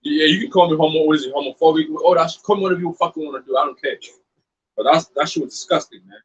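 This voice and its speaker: A man with a high, husky voice talks like a street preacher, blunt and profane. He mixes scripture with fired-up storytelling in a loose, casual way. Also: racing, muffled recording.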